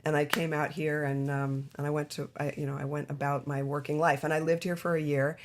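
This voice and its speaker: A woman's voice: low-pitched, level tone, a little fast, noisy background. A woman actress as a podcast guest, telling her career story in a chatty way with many restarts and asides. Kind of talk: casual interview storytelling.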